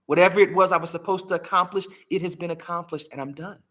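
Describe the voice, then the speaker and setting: A woman quoting her dying older father, a corny, deadpan joker who speaks slowly and quietly. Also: lowish voice. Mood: calm, settled.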